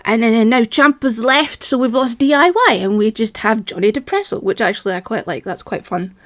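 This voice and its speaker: A woman's voice: fairly high pitch, expressive, fairly quick, no room sound. A woman ranting in an agitated, rambling, self-mocking monologue, a little out of breath. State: slightly out of breath. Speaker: vlogger.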